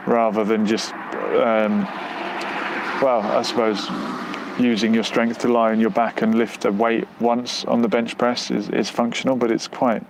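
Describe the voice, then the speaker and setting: A man's voice: mid-range voice, a little hiss or hum. A man hosting a casual live stream, reading out viewer comments and answering them in a rambling, hesitant way with many fillers and restarts. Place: near the outskirts of West London.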